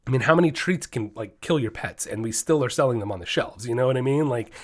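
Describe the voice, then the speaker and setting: A man's voice: mid-range voice, quick pace, darkish tone. A man hosting his own dog training podcast, talking solo in an emphatic, fired-up way that often slides into ranting.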